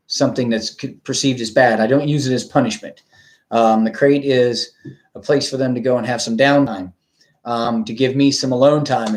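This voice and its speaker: A man, a dog trainer, explaining in a relaxed, rambling way with frequent ums and asides to viewers. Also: mid-range voice. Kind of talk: casual instructional talk.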